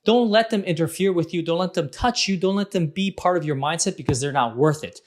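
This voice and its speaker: A man in his thirties talks straight to his audience about raising kids, with a fairly high voice. He speaks in a casual, animated way and slips into little acted-out quotes as he goes. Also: a little fast. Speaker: parenting vlog host. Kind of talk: casual advice monologue.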